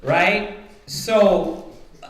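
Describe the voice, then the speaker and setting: A man's voice: high voice, steady tone, very slow, slight background noise. A man leading a Bible study for a congregation, teaching point by point and often checking in with his listeners by asking "right?". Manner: rhetorical, repeatedly checks with "right?". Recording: roomy echoing room.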